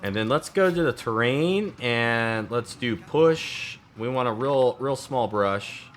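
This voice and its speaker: Animated man musing over a building game. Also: medium pitch, slow, a little hiss or hum. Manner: thinking aloud, musing, chatty storytelling. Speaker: let's play host. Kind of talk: casual gameplay commentary.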